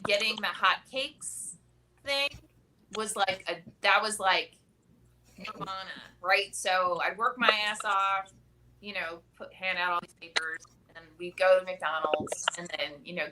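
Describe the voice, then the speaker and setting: A woman's voice: mid-range voice, fairly even intonation, a little slow. Chatty woman telling a story over noise. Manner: chatty, peppered with "like" and "right?". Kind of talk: casual storytelling. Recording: clear background noise with clicks.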